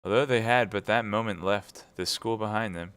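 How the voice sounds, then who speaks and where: A man reading a classic novel aloud at speedrun pace, brisk and steady. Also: fairly low pitch, clear, resonant tone, dry recording. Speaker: reader.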